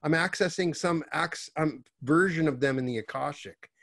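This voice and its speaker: A man's voice: on the high side, normal speed, fairly bright tone. A man hosting an interview who thinks aloud and asks long, searching questions. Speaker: host. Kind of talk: casual interview conversation.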